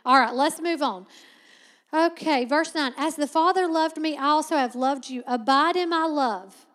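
A woman with a high, bright-pitched voice preaches a sermon, moving between teaching and playful, laughing asides. Her voice rings out with a long reverb, as if in a big church hall. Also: normal speed.

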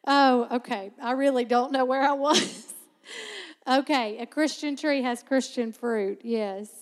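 A woman with a high, bright-pitched voice preaches a sermon, moving between teaching and playful, laughing asides. Her voice rings out with a long reverb, as if in a big church hall. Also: unhurried.

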